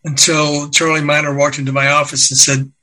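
An older man, a record executive, telling lively anecdotes as an interview guest, acting out the quotes and laughing along. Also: on the high side, brisk, low-quality recording. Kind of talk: anecdotal storytelling.

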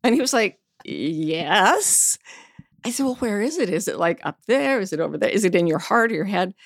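A woman's voice: mid-range voice, lively intonation, quick pace, vocal fry, dry recording, clean studio sound. A middle-aged woman, an interview guest, telling personal stories candidly and frankly, now and then swearing. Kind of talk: personal storytelling in conversation.

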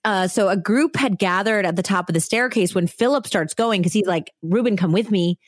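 A woman's voice: mid-range voice, a little fast, dry recording, studio quality. A woman hosting a podcast, recounting a true crime story in a casual, chatty way full of "like" and "you know". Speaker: podcast host.

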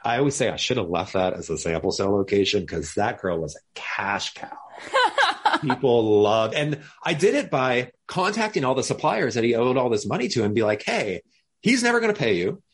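A man, a podcast guest, telling a lively story with laughter and acted-out quotes. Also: medium pitch, moderate pace, husky. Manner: animated, laughing, acts out quoted voices.

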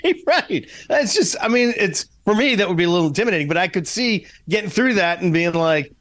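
A man co-hosting a podcast in casual chat, talkative and quick to laugh. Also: sits high, lively intonation, a bit bright. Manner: laughs often, eager and talkative.

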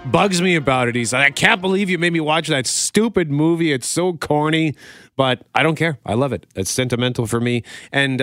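A man's voice: mid-range voice, a bit bright. A man in his forties hosting a casual show, chatty and laughing often as he tells stories. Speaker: radio show host reviewing movies. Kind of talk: casual chat.

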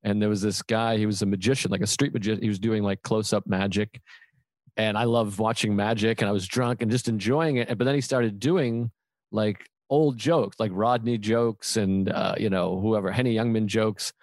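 A man's voice: lowish voice, fairly even intonation, normal speed, darkish tone, dry recording, studio quality. A male comedian in casual chat, candidly telling a self-mocking story and quoting himself with profanity. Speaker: comedian podcast host.

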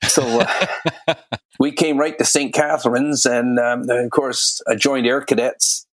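A man's voice: mid-range voice, fairly even intonation, slow pace, low-quality recording. An older man of Welsh origin, a volunteer chief pilot, telling stories genially with dry humor in an interview. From Wales. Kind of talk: casual interview chat.

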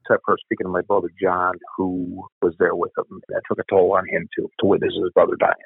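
A low, creaky, breathy male voice delivers everything completely flat and fast, with no echo on narrow, tinny audio. The middle-aged officer is candidly retelling a family tragedy in an interview, bluntly and with profanity, repeating himself while recalling, in a conversational storytelling style.

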